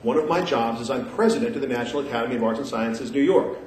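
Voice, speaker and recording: A man giving an animated conference talk, emphatic and sarcastic, repeating his points for effect. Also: mid-range voice, quick pace, slight background noise. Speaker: conference speaker. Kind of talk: animated lecture to an audience. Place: conference hall. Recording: echoey room picked up from a distance.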